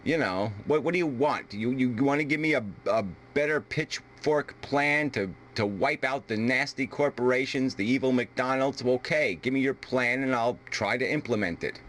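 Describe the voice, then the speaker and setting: An American man argues heatedly in a video debate, combative and swearing constantly. His voice is mid-range and slightly bright, moving at a moderate pace with few pauses.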